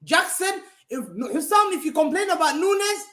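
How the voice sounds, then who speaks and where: A man's voice: extremely high pitch, normal speed. A man giving a heated, mocking football rant as a regular pundit on a fan talk show, repeating his points for emphasis. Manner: animated, mocking, emphatic repetition. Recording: roomy echo.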